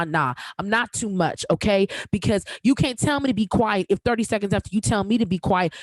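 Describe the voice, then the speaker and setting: A woman's voice: mid-range voice, no room sound, rough recording. A woman hosting her own podcast, ranting emphatically in slangy casual talk with a voice that projects and cuts through. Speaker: podcast host. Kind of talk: solo podcast rant.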